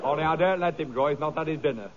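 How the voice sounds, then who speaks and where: An actor playing a man holding back a fierce dog, coaxing it and calming a visitor. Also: fairly high pitch, very fast, pitched below the performer's own voice, close to an everyday voice. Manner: coaxing, whooping, fussing. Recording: dull noisy archive recording.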